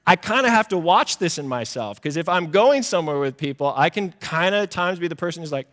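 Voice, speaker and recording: A male pastor delivers a sermon in a relaxed, conversational way, slipping into small acted-out exchanges and laughing at his own habits. His voice sits a little high for a man. The sound carries a long reverb from a large church sanctuary. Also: fairly quick. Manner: conversational, self-deprecating, acts out little quoted exchanges.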